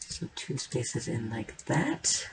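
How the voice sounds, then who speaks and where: A woman streamer talks slowly and playfully through a building session, drifting between rambling thoughts, sing-song noises and quiet murmured asides. Her voice has a gravelly, creaky edge. Loud keyboard and mouse clicking runs under everything she says. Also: a bass voice, big pitch swings, slight background noise, low-quality recording. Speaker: game streamer. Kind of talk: casual gameplay commentary while building.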